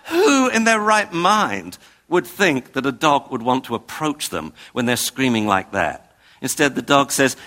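A man from England giving a recorded talk, animated and comic, acting out scenes. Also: medium pitch, a little slow. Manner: animated, comic, acts out owners. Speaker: speaker.

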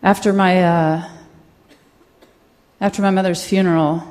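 A woman from Mississippi, a comedian, telling a personal story on stage in a halting, candid, quietly emotional way. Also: on the low side, fairly even intonation. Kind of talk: stand-up storytelling monologue.

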